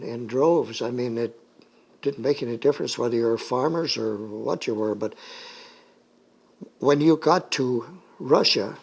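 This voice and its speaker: Older man recalling his childhood, halting. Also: mid-range voice. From United States. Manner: rambling, halting with many fillers. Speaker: interviewee. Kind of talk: oral history interview.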